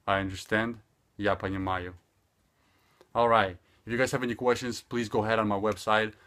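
A young man teaching a casual online language lesson, repeating phrases slowly and deliberately with loose, chatty asides. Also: fairly low pitch. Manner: slow deliberate repetition of phrases, relaxed filler-heavy asides.

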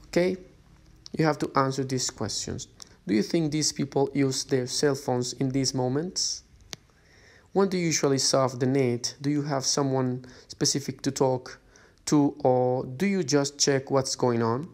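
In recorded lesson instructions, a male English teacher works through a list of workbook exercises in a plain, patient, slightly mellow mid-range voice, never hurrying. He reads each instruction aloud, guiding students step by step from page to page and often checking in with a rising "okay?".

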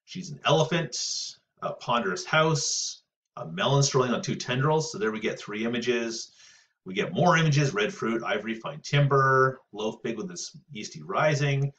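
A man teaching a recorded poetry lesson in a casual, thinking-aloud way, often pausing with fillers and checking in with "right?". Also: medium pitch, sharp tone. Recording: distant, muffled lo-fi audio.

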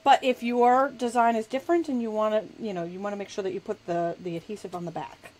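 A female crafting host speaks fast in a steady, mid-range voice with a darkish tone, chatting while she works with her hands in a live demonstration. She laughs often and pokes fun at herself. The recording quality is low.

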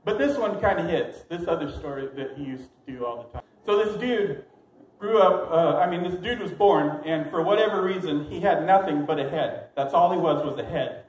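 A man's voice: a little high, normal speed, darkish tone. A young man telling a story at an open mic, rambling and hesitant, often laughing at his own jokes. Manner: rambling, hesitant, self-amused. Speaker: stand-up comic. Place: small comedy venue. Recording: echoey room with clear noise.

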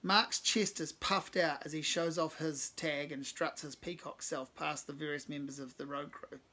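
A man's voice: a little high, fairly even intonation, moderate pace, sharp tone. A man reading his own first-person short story, with wry, self-deprecating asides.

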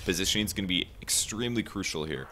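Deep, bright-toned male esports caster. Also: slight background noise. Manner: explanatory, lifts into fast excited calls during fights. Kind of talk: live esports commentary. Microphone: home setup over an internet voice call.

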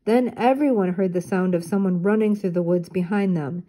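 An older woman reads a children's storybook aloud, clear and even. Her voice is mellow and soft-edged, with a gentle, unhurried delivery. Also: lowish voice, slight background noise. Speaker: storybook reader. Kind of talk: reading a children's book aloud.

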